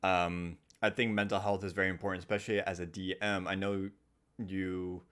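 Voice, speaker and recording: Young adult man, stream host, lowish voice, easygoing and filler-heavy. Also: moderate pace, smooth. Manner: relaxed, filler-heavy, affirming. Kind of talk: casual chat on a stream.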